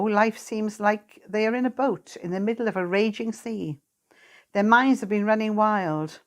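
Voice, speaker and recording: Woman, church sermon reflection, gentle, earnest, pastoral, mid-pitched voice. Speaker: lay preacher.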